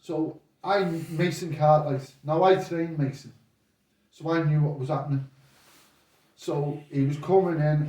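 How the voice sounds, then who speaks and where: Older boxing coach telling stories. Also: male voice, on the high side, distant mic. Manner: rambling, animated retelling with quoted voices. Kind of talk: casual storytelling chat. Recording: echoey room, voice off-mic.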